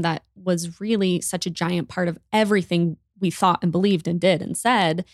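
A woman's voice: lowish voice, measured pace, no echo. Candid young woman, dry close sound. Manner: candid, expressive storyteller. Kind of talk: casual chat.

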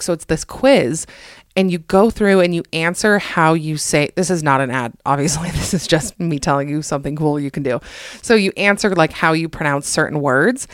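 A woman's voice: low-pitched, smooth, dry recording. Podcast host, young woman from the US, dry close mic, self-deprecating and jokey. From United States. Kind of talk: casual comedic monologue.

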